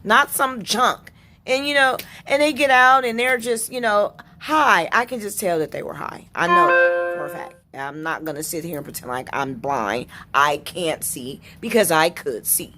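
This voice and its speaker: A woman vlogger telling a personal story in an indignant, unhurried way, with pauses and restarts. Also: lowish voice, sharp tone, soft background music.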